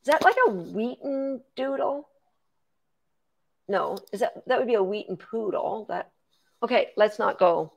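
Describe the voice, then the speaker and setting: A woman's voice: a little high, measured pace, vocal fry, pauses often. A woman, a dog trainer, chatting through a live Q&A, explaining training steps and thanking viewers by name. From Canada. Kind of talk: live-stream Q&A.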